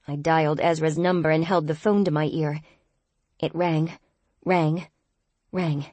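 A woman narrates a first-person audiobook in a tense, expressive reading. Her voice is low and husky, recorded close in a dead-dry studio. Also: a little slow, long pauses, no echo.

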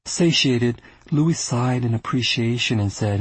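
A man reading a literary novel aloud in a measured, steady narration. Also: mid-range voice, husky, no echo, rough recording. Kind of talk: scripted audiobook narration.

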